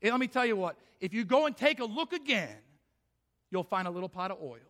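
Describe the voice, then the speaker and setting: A man's voice: high-pitched, sing-song, brisk, a bit bright. A middle-aged man preaching a sermon as pastor, impassioned, often acting out the voices of the people in his story.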